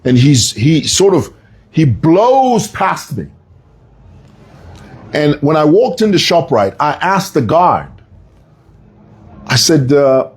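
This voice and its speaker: Male commentator, fairly high husky voice, emphatic storyteller with casual asides. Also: sing-song, slow pace, long pauses. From Zambia. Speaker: political commentator.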